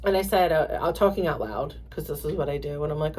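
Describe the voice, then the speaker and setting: Woman host, a bit low-pitched, animated storyteller who breaks into quoted voices, casual podcast chat. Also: husky. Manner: halting, many fillers and restarts.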